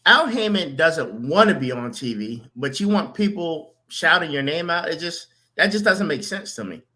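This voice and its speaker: Bright-voiced male podcast host. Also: on the high side, expressive, normal speed. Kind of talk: casual chat.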